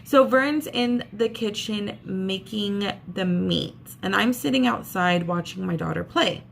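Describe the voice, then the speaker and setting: Brief: woman vlogger, casual storytelling, gravelly fry, faint background hiss. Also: medium pitch, a little slow. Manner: chatty, acts out what others said.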